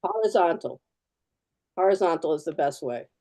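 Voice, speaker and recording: A woman's voice: lowish voice, expressive, moderate pace, a little mellow. A woman artist giving a live fountain pen demo, chatty and practical, repeating key words for emphasis. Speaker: artist demonstrating fountain pens.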